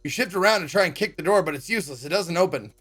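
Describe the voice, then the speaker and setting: A husky, fairly bright-toned man talks rapid-fire and animatedly while streaming his reading of a visual novel. He swears without restraint, stays sarcastic, and jumps in pitch to act out quoted lines.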